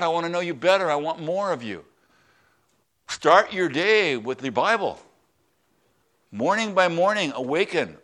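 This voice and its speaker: A male pastor with a fairly high voice preaches a conversational sermon, halting and restarting, and at times sinking into quiet, prayerful tones.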